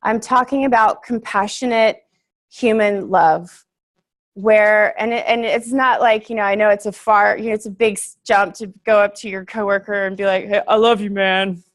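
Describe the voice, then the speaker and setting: A woman's voice: medium pitch, fairly even intonation, moderate pace. A young woman giving a casual, earnest workshop talk to a group, chatty and full of fillers, laughing easily.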